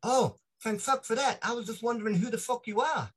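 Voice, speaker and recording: A man doing an impression of an excitable, laid-back man with a jumpy, drawling manner and lots of swearing. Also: very high-pitched, brisk, breathy edge, pitched above the performer's own voice, exaggerated voice. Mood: relieved. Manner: drawling "dude" talk, scattered and jumpy.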